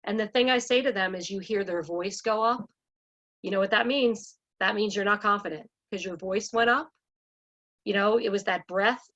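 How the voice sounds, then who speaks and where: A woman coaches salon staff on sales with emphatic energy and acts out client scripts as she goes. Her voice sits at a middle pitch. The recording is dull and lo-fi. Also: normal speed, fairly bright tone. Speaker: salon business speaker. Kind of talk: coaching talk on a panel. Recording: dull lo-fi audio.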